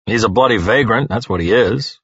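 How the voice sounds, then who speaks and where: A man's voice: lowish voice, fairly quick, dry recording, dull audio. A man voicing a grumpy, stubborn old man who barks curt replies. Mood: gruff. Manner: gruff, curt, barking.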